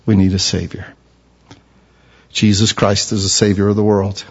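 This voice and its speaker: A man preaching a sermon who swings from low, quiet explanation to loud, impassioned passages. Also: little pitch movement, moderate pace, husky, lo-fi sound. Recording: long hall reverb.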